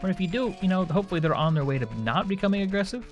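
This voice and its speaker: A man's voice: high-pitched, racing, highs cut off. A man streaming a video game from home, rambling and chatting with viewers as he plays. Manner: rambling, chats with viewers while playing. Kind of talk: casual gameplay chat. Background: video game music.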